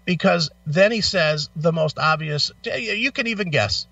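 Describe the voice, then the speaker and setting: A man's voice: fairly high pitch, measured pace, vocal fry, no echo. A man co-hosting a radio show, telling an angry, profane story in casual chat while in back pain. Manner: animated, swearing storyteller. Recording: distant, dull lo-fi mic.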